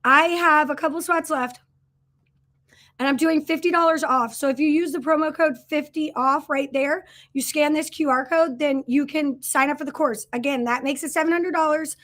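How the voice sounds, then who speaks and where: A business coach in her thirties hosts a casual livestream pitching her coaching program, pausing to greet viewers and answer comments. Her high, fairly bright voice holds a steady tone at a moderate pace, and she's earnest and chatty, full of fillers and restarts.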